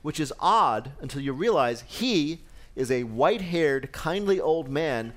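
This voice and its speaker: A man's voice: on the high side, expressive, unhurried. A man hosting a comic radio quiz, delivering jokes with wry timing. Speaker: quiz show host. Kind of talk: comic panel quiz banter.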